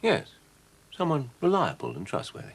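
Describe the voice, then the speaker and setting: An actor playing a polite, measured businessman in a soap opera. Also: mid-range voice, wildly swooping pitch, husky, full character voice.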